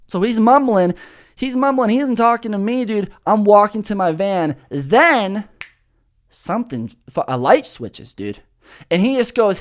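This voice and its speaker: A young man hosting a podcast, telling rambling comedic stories in a profane, animated way. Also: high voice, a little slow. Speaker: podcast host.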